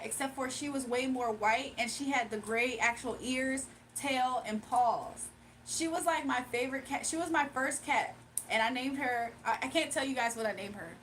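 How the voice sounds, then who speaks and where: Bubbly young woman gabbing with her stream chat, high voice, kinda far from the mic, faint hiss behind. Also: fairly bright tone. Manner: chatty and bubbly, gushing and laughing often. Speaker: livestream host. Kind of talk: casual livestream chat with viewers.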